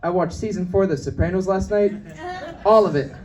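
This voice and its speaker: High-voiced brash young stand-up comic. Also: male voice, darkish tone, distant mic, low-quality recording. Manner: brash, fast-shifting, acts out voices of people in his stories. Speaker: stand-up comedian. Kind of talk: stand-up comedy set. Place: comedy club with live audience.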